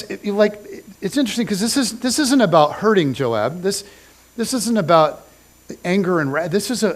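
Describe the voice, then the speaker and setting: Middle-aged guy preaching, laid-back storyteller, voice sits a bit high, acts out the characters. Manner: conversational storytelling, animated retelling with casual slang. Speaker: pastor. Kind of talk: sermon. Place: church stage.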